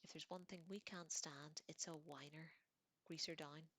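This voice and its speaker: A fussy, flamboyant male stylist's assistant, as a woman reading aloud puts him on, breezy and dismissive in a soft whispered book reading. The voice sits low with little melody. Its tone is bright, and the sound is dry and close. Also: steady tone, moderate pace, husky, no room sound.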